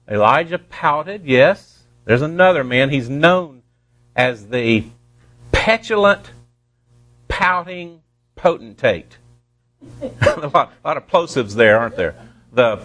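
A pastor preaching a sermon to his congregation, slowing down to stress key words and dropping playful asides. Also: a little high, fairly bright tone.

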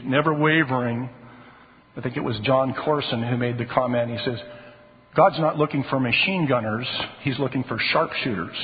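A man preaching a sermon as a pastor, earnest and pressing harder on key phrases. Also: medium pitch. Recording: tinny phone-like sound in a reverberant hall.

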